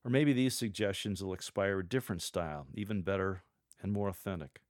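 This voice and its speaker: A man coaching church lectors in a measured, scripted teaching style, reading sample lines aloud to show how they should sound. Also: deep voice, over music.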